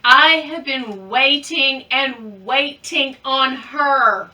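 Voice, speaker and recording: Middle-aged woman, playful girlfriend chatter, bright high voice, a bit off-mic. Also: very slow, far from the mic. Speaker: unboxing vlogger. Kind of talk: casual chat.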